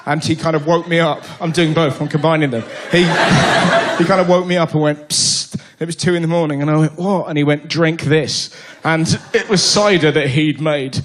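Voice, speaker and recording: A man performing a stand-up routine, telling animated stories and shouting punchlines in a theatre. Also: fairly high pitch, a little fast. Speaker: stand-up comedian. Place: theatre stage. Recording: live theatre with loud laughing crowd and noise.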